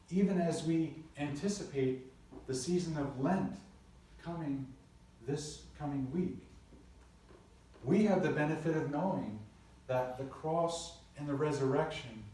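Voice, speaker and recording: A man's voice: fairly high pitch, takes it slowly, warm tone. A man, a pastor, preaching a sermon in a church, earnest and storytelling with playful asides. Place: church sanctuary. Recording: very echoey church from a distant mic.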